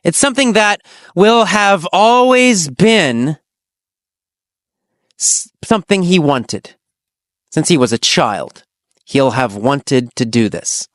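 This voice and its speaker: Asking simple questions and answering them, an English teacher spins a teaching story in an expressive, slow, and exaggerated style full of dramatic pitch changes. The recording is clean studio audio with no echo.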